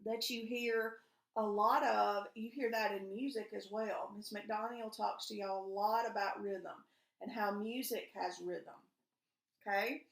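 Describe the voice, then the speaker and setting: A woman's voice: mid-range voice, fairly even intonation, a little slow, creaky. A woman teacher, patiently walking young pupils through a reading lesson and asking them guiding questions. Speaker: elementary school teacher. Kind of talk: recorded remote reading lesson. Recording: echoey room.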